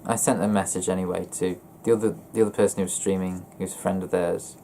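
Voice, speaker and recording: A young man vlogging about his feelings in a flat, monotone voice, hesitant and often stopping to correct himself. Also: deep voice, a little hiss or hum. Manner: hesitant, halting and self-correcting. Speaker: gaming YouTuber. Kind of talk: personal confessional vlog.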